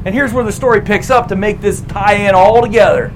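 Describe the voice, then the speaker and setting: A man preaching a sermon as a lively story, retelling scripture in casual words and acting out quotes. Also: high-pitched, slight background noise, low-quality recording. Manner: animated, casual retelling with quick acted quotes.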